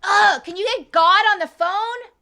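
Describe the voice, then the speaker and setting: A woman's voice: very high voice, moderate pace, pushed and bright, no room sound, clean studio sound, full character voice. A woman playing a demanding, impatient Jesus as a bossy office boss in an improvised comedy sketch. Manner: snappy, impatient, entitled. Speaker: guest actress.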